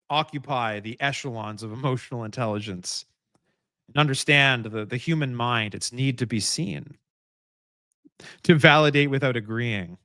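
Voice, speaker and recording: A man's voice: medium pitch, normal speed, sharp tone, no room sound, studio quality. Rambling male live-stream commentator. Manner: rambling, many restarts and fillers, emphatic repeats. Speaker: host.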